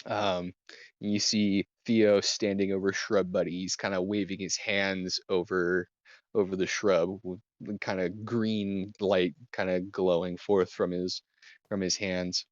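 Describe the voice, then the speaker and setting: A man narrating as game master, describing scenes with many pauses and restarts. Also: low-pitched, flat delivery, no room sound, dull audio. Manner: halting, many ums and restarts.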